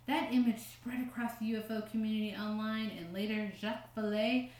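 A woman's voice: medium pitch, fairly even intonation, fairly quick, a little mellow, roomy sound. A woman co-hosting a casual podcast, reading quotes aloud with joking asides and frequent laughs. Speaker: podcast co-host.

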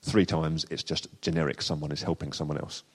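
A man's voice: extremely low pitch, level tone, a little fast, husky. A man preaching a sermon in a conversational, loosely improvised way. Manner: conversational, with frequent fillers and restarts. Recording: long church hall reverb.

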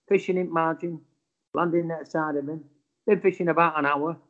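A man's voice: a little high, normal speed. A man in his fifties from Bradford with a West Yorkshire accent, telling a casual story and acting out the voices, with a bit of swearing. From Bradford, England. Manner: animated, acts out quotes, swears. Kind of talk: casual anecdote. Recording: dull lo-fi sound.

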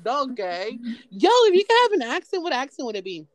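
Young woman, podcast host, casual crude banter, highish voice, lively pitch. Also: fast, no echo. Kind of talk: casual chat.

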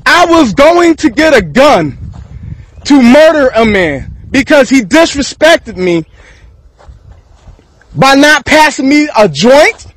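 High-voiced man ranting freely. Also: sing-song, slow, long pauses, a bit bright, rough recording. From Texas. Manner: rambling, profane, laughs between thoughts. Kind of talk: freestyle rant to camera.

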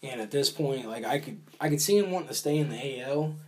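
A man's voice: mid-range voice, animated, fast, darkish tone. A man co-hosting a casual sports talk show, rambling and hedging with fillers while he weighs baseball moves. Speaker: podcast co-host.

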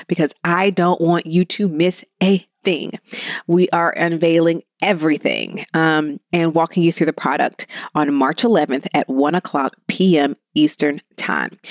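An energetic woman hosts her own podcast, chatting in a lively, upbeat way. Her voice sits fairly low for a woman. She is recorded close and dry, with no room sound. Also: no room sound. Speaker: podcast host. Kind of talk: solo business podcast talk.

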